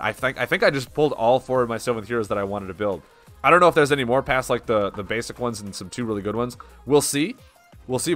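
A man's voice: fairly low pitch, a bit bright. A young man chatting casually on a live stream as he opens card packs and reads the card names aloud.

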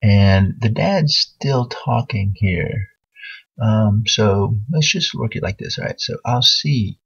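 A man with a deep, gravelly, very husky voice gives a writing lesson, speaking slowly and expressively. He patiently works through corrections to a student's piece, thinking aloud as he goes. The screen recording sounds dull and lo-fi.

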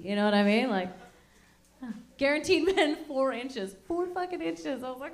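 High-voiced woman hosting a comedy show. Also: expressive, normal speed, a little mellow. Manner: profane, chatty, self-deprecating. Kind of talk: stand-up comedy. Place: comedy club stage.

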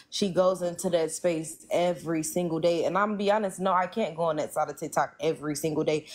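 A woman's voice: lowish voice, a little mellow. A young woman in a casual live stream chat, outspoken and often laughing, talking through a phone.

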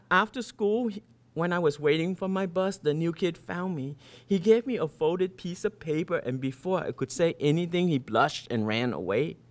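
A man in his fifties, an author from Vietnam, reading his short fiction aloud in a first-person boy's storytelling voice. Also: fairly high pitch.

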